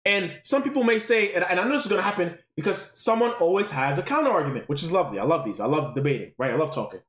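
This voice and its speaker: A man talking casually to his live-stream chat. He is animated, swears freely and keeps checking in with "right?". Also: sits high, fast. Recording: roomy echo.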